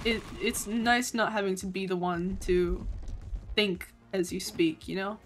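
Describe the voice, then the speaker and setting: A woman's voice: medium pitch, unhurried. A woman with an Australian accent streaming a game, commenting casually, swearing often and breaking into sudden yelps and laughs. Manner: excitable, swears a lot, bursts into yelps and laughs.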